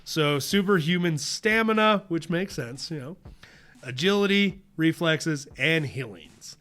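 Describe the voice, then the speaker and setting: A man co-hosting a casual podcast, animated and laughing often as he reads his notes aloud. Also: fairly high pitch, unhurried. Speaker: podcast co-host. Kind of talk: casual chat.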